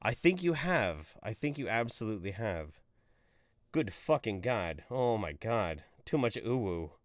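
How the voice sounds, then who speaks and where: A man's voice: lowish voice, very animated, a little slow, no echo. A man hosting a live stream, reading chat messages aloud in a jokey, casual way and swearing freely.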